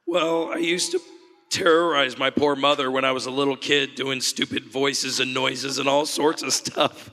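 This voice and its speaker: A man's voice: mid-range voice, steady tone, moderate pace, bright, forceful tone, in a large hall, faint music behind. A man answering fan questions on a convention panel, chatty and laughing often, restarting sentences as he talks. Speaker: voice actor panel guest.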